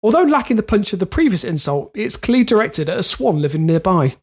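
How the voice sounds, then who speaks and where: Lively man reading odd news. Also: high-pitched, quick pace, husky. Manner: reads news then rambles off in jokes. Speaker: podcast co-host, reads the stories. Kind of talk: casual comedic chat.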